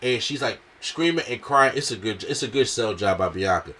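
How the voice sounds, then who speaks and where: A man's voice: mid-range voice, expressive, normal speed, sharp tone, slightly rough. A man reviewing a wrestling show in casual slangy talk, with a strained throat, acting out what the wrestlers said.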